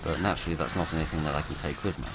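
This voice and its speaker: Very deep-voiced man, self-mocking gamer. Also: steady tone, racing, music in the background. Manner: self-mocking, rambling, dry humour. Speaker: gameplay commentator. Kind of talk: let's play commentary. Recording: noisy background.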